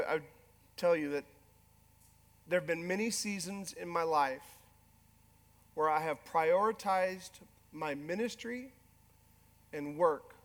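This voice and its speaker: A middle-aged male pastor preaching a sermon with animated, self-deprecating humor. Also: a little high. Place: large church hall. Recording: long hall reverb.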